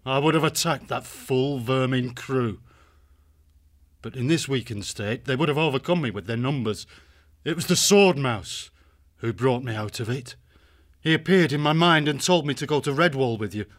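A man playing a grave, protective young male badger warrior who speaks in an earnest, steady way, in a full-cast audiobook. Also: mid-range voice, moderate pace, close to an everyday voice. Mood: solemn.

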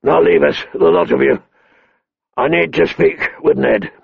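A man voicing a hoarse, hot-tempered dying king who talks gruffly and halts with pain, in a dull lo-fi dry recording. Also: on the high side, animated, no echo, heavily acted. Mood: angry. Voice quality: hoarse, gravelly. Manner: gruff, blustering, halting with pain.

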